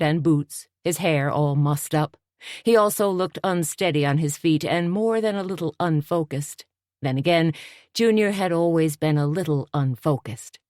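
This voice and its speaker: A woman narrating an audiobook in a steady, even way. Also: low voice, no room sound, studio quality.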